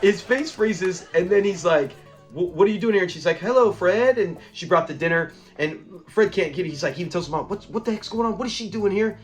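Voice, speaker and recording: Male reviewer, casual recap, acts out quotes; mid-high voice with soft music under. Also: lively intonation, fast talker. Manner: rambling retelling, acts out lines and laughs. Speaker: show reviewer.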